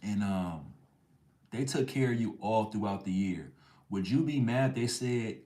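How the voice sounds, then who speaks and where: A man's voice: fairly low pitch, animated, unhurried, dark tone, roomy sound. A man hosting a live chat stream, ranting bluntly in heavy slang. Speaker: livestream host.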